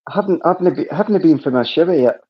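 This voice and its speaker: A man's voice: fairly high pitch, expressive, fast talker, breathy edge, lo-fi sound. A man with a Birmingham accent hosting a casual live chat, jokey and playful, often repeating his words.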